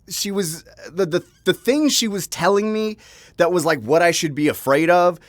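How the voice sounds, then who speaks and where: A man's voice: high voice, lively intonation, normal speed, no echo, clean studio sound. A man telling a personal story in a loose, rambling way, chuckling often and swearing freely, at his computer at home. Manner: rambling, chuckling, frank and profane. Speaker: vlogger. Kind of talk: casual storytime monologue.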